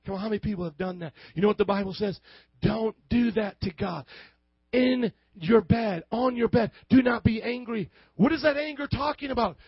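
Very high-voiced fervent male preacher. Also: moderate pace, slightly rough, no echo, highs cut off. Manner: fervent, acts out both sides of arguments, builds to shouts. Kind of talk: sermon.

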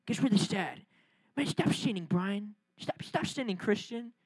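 A man's voice: high voice, expressive, unhurried, breathy edge, dry recording, voice pushed down, exaggerated voice. A man imitating a young coworker who dismissively insists God only gets sad. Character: young man shrugging off God's anger.

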